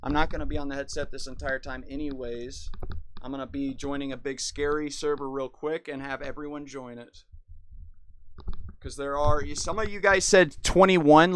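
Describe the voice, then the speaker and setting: A man giving rambling, excitable commentary while playing a horror game. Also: fairly high pitch, normal speed, clear, resonant tone. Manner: rambling, excitable, full of restarts. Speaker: gaming video host. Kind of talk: casual gameplay commentary.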